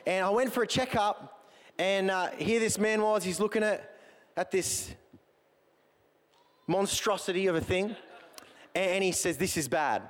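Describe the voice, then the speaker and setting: Joking Australian pastor in an echoing hall. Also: male voice, high voice, steady tone, measured pace, long pauses. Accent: Australian, country Victorian. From Victoria, Australia. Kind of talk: humorous sermon. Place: church auditorium. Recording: long echo of a large hall.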